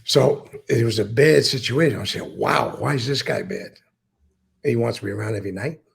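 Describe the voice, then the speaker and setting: A man with a deeply gravelly, rough and husky voice recounts old stories in a casual interview. He repeats words as he talks and acts out the lines of the people in them, with frequent swearing. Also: moderate pace. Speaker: former mobster telling stories.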